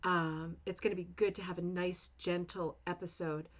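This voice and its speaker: A woman's voice: lowish voice, flat delivery, moderate pace. A woman hosting a casual craft chat, gushing and rambling with many fillers as she shows a rug to viewers at home. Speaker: rug hooking channel host.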